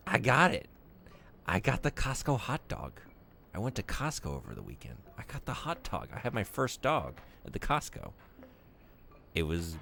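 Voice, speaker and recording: A man's voice: mid-range voice, vocal fry, pushed and bright, a little hiss or hum. A young man streaming a game, joking and teasing his viewers in casual chat.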